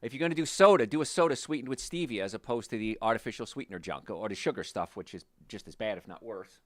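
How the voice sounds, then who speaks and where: Hosting a health talk show, a doctor speaks fast in a clean studio recording with no echo. His casual, animated stories are about his patients, whom he quotes in a lowered voice.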